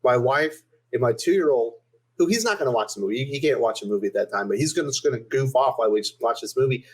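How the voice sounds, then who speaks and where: A man's voice: medium pitch, animated, fast, husky, poor audio. A man co-hosting a podcast, telling an exasperated story in casual chat. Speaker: podcast co-host.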